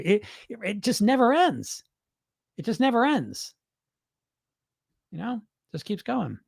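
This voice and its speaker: Male weight loss coach with a swooping, expressive voice, dry close sound, blunt and profane, mocks viewers' excuses. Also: high voice, creaky, slightly rough, no echo. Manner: acts out dieters' excuses in quick voices. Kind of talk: live-stream talk to viewers.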